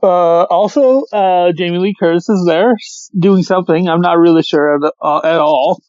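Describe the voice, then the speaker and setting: A mid-pitched podcast co-host picking apart a film in casual chat. They sound incredulous, swear freely and laugh often. The recording is dry and somewhat dull. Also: moderate pace, darkish tone, no echo. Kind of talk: casual movie review chat.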